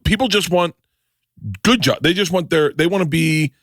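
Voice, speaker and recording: A man hosting a casual podcast, chiming in with quick agreement and laughing along. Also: fairly high pitch, fairly bright tone, no echo, studio quality. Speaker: podcast host.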